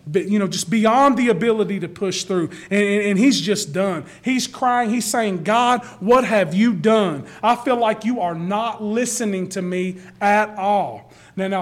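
A male pastor giving a conversational sermon, often repeating words as he starts a sentence. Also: high-pitched.

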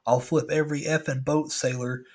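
A man's voice: a little high, flat delivery, moderate pace, darkish tone, breathy edge, voice pushed up. A man voicing a huge, furious animatronic pirate who bellows cursing threats. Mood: menacing.

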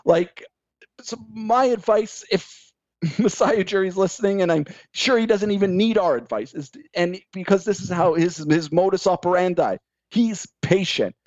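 A man with a notably high voice rants emphatically in casual sports podcast chat, mocking other people's takes. The sound is dry and close, a little dull and lo-fi. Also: normal speed, a little mellow, no room sound. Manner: ranting, emphatic, mocks others in quoted voices. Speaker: podcast guest.

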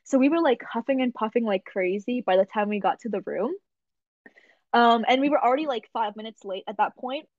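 A young woman hosting a podcast, telling a story in a casual, animated way with frequent laughs and filler words. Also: on the high side, a little fast, no echo. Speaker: podcast host. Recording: dull lo-fi dry recording.

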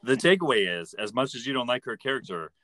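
A man's voice: mid-range voice, sing-song, fast talker, pushed and bright, dry recording. A man hosting a podcast, chatting casually with wry, playful, mock-serious humor. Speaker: podcast host. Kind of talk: casual chat recapping a TV episode.

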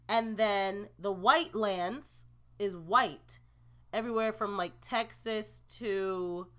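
A young woman hosting a casual solo podcast, opinionated and expressive, groaning in disgust and laughing in disbelief as she reacts to the news. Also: mid-range voice. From New Jersey, USA. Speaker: podcast host.

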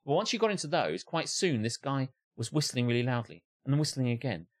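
Male podcast co-host, swears freely, ranting delivery with a very lively, swinging pitch. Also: quick pace. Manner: sweary, animated ranting with acted-out impressions. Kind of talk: casual chat.

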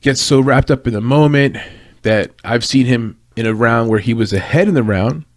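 A man's voice: mid-range voice, normal speed, dry recording, studio quality. A man giving a casual, rambling breakdown of an upcoming fight, with restarts and tangents as he talks it through. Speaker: fight analyst.

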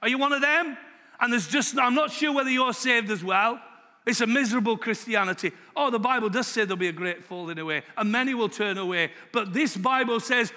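A British preacher man delivering a sermon with a high, bright voice. He talks emphatically, dropping low and quiet, then rising loud. His voice rings out with a long reverb, as if in a large hall. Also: lively intonation, moderate pace.

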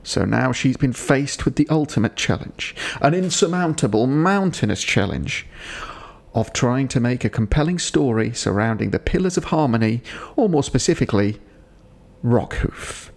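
A man's voice: mid-range voice, expressive, normal speed, creaky. A man hosting a podcast, giving a digressive episode review with dry, wry asides. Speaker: podcast host.

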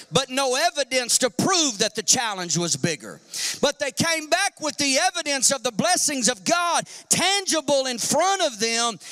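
A male pastor preaching a sermon in an animated style, firing off rhetorical questions and acting out quotes. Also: very high voice. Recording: long hall reverb.

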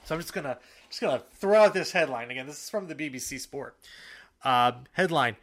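A man co-hosting a soccer podcast in casual talk, animated and fired up, with frequent fillers and restarts. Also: fairly high pitch, brisk. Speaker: podcast co-host.

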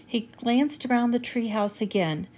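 A woman reading a children's chapter book aloud in a steady storytelling manner. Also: fairly high pitch, a little slow. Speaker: reader.

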